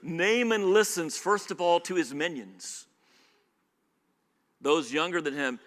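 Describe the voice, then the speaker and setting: A man preaching a sermon in a church, animated, shifting between loud emphasis and quiet asides and putting questions to the congregation. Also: medium pitch, clean tone. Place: church sanctuary. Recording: live church sermon with long hall reverb.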